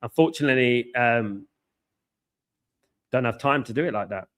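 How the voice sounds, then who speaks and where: A married man hosts a football watchalong in casual live-stream chat, speaking fast and passionately at medium pitch. Excitable and buzzing, he repeats phrases, reads chat aloud and gives shout-outs. He's using headphones with a mic.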